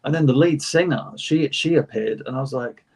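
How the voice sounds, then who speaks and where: A young British man on a chat panel, telling lively anecdotes and acting out the people in them. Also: medium pitch, moderate pace, creaky. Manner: animated anecdotes, acting out quotes, self-laughing. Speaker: panel co-host. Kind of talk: casual storytelling chat.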